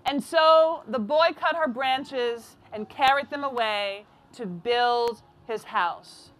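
A woman reading a children's story aloud in a soft, deliberate way. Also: a little high.

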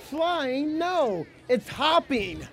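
Very high-voiced man reading to kids. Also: sing-song, extremely slow, vocal fry, a bit bright, slight background noise. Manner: playful, calls out questions to the kids. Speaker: storybook reader for children. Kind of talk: lively read-aloud to a young crowd. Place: outdoor public event.

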